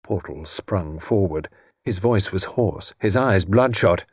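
A man narrating an audiobook story in a measured, expressive way. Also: low voice, husky, no echo, studio quality.

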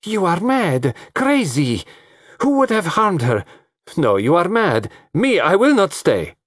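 A shrill, excitable foreign woman, put on by a male narrator in a storybook reading. Her voice climbs high and sharp, and her phrasing is jumpy and frantic. The recording is close and dry. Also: a little slow, no echo.

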